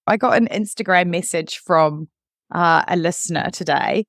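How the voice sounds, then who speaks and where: A woman's voice: fairly low pitch, normal speed, no room sound, studio quality. A woman hosting a podcast in casual chat, getting emotional and choked up as she talks. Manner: emotional, choking up while reading aloud. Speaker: podcast host.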